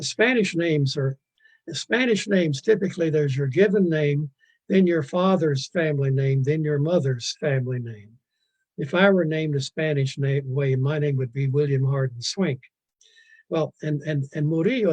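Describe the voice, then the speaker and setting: A man gives a virtual museum lecture on paintings, his voice slightly high-pitched with a husky edge. He drifts into side stories, stumbles over restarts and pokes fun at his own disorganization. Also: darkish tone, rough recording. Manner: digressive, self-deprecating, stumbling restarts. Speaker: art lecturer. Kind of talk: virtual museum art talk.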